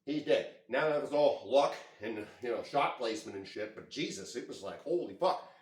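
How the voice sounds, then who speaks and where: A man telling a story to his camera in a casual, rambling, excitable way, full of swearing. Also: medium pitch, normal speed. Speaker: vlogger. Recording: echoey room.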